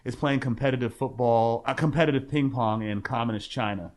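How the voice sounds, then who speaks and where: A man co-hosting a casual podcast about film soundtracks, talking in an animated way and often jumping into loud, high-pitched quotes of movie lines. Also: fairly quick, a crowd in the background. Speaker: podcast co-host.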